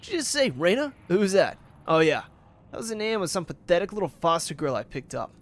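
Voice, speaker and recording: A man's voice: high-pitched, big pitch swings, a little fast. A man voicing a cruel, controlling talent manager, bullying and scolding while reading game dialogue aloud. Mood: menacing.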